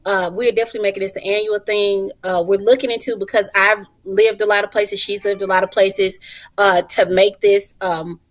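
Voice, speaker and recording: A woman, a mother, chatting as a guest on a talk show, animated and expressive, laughing often and calling people honey and child. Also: medium pitch, normal speed, no room sound. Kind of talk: casual talk show conversation.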